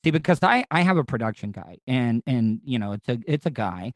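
A man's voice: medium pitch, big pitch swings, a little fast, dry recording. A man with a Southern American accent, a radio host rambling through a casual interview chat with plenty of fillers and restarts. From Southern United States.

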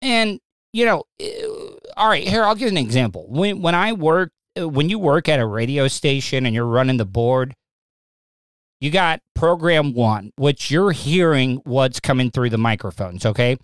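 A man's voice: mid-range voice, expressive, normal speed, smooth, no room sound. A man hosting his own live stream, talking casually and rambling, with stammering restarts and flashes of agitation. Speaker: live stream podcast host. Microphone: streaming setup mic.

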